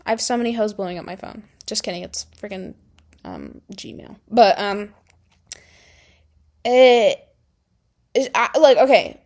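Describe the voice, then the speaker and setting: A young woman telling a high school story to camera in a rambling, sarcastic way, full of "like" and laughing often. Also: expressive, unhurried, long pauses. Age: young adult. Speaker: vlogger. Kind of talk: casual storytime chat.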